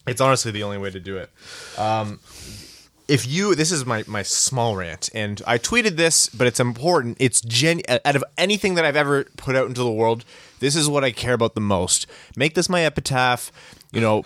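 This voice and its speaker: A man co-hosting a casual podcast, telling stories in an animated, comic ranting way. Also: mid-range voice, moderate pace, no room sound. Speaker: podcast co-host. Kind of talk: casual sports podcast chat.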